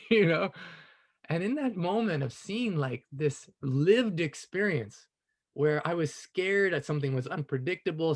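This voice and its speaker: Guy telling a heartfelt personal story on a call, kinda high voice, thoughtful, lots of "you know". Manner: earnest, reflective, often says "you know", laughs softly. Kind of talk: casual spoken storytelling.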